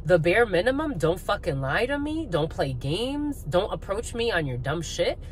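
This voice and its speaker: Woman, lowish voice, tarot reading, blunt, swears a lot, ranting, faint background noise. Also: very animated, normal speed. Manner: blunt, profane, rants with laughs; calls viewers "my lovies". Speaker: spiritual reader.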